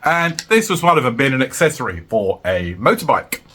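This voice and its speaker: A man's voice: a little fast, husky. A man casually chatting to camera about his resales, jokey and upbeat, addressing viewers as guys. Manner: chirpy, jokey, keeps saying "guys", swings high when excited. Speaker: reseller vlogger.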